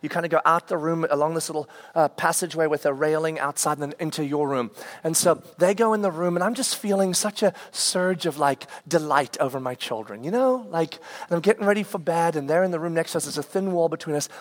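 High-voiced man telling a lively sermon story. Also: fast talker. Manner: animated, acts out scenes with quoted voices; self-deprecating humor.

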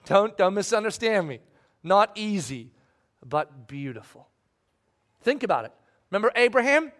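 A man preaching a sermon, acting out Bible voices and swinging from loud pleas to hushed, near-whispered lines. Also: high-pitched, big pitch swings, moderate pace. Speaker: pastor.

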